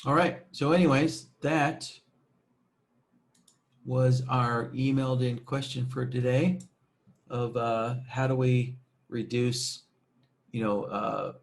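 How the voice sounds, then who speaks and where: A man explains a software tool over a screen recording at a mid-pitched, everyday register. His delivery is loose and conversational, dotted with "you know" and "um" and frequent "right?" check-ins. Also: fairly even intonation, slow pace, creaky, pauses often. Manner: casual, many fillers and tag questions. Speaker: software tutorial presenter.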